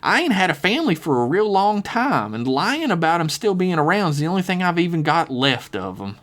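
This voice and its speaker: Cult sister, put on by a man: high and lilting, folksy drawl, sweetly unsettling, lively swoops in pitch. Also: brisk. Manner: folksy drawl, sweet-talking, says darling and ain't. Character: flirty cult-member woman, twin sister, drawling.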